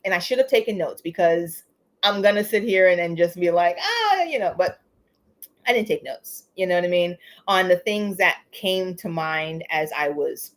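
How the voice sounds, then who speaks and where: A woman hosting a casual live stream, talking in an animated, chatty way, laughing often and tagging lines with "you know" and "okay?". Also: on the low side. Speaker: livestream host. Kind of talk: casual livestream chat.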